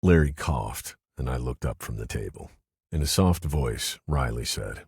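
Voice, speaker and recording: A man reading a first-person mystery audiobook in a low, subdued way. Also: animated, unhurried, darkish tone, breathy edge, dry recording, studio quality. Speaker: audiobook narrator. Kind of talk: scripted first-person narration.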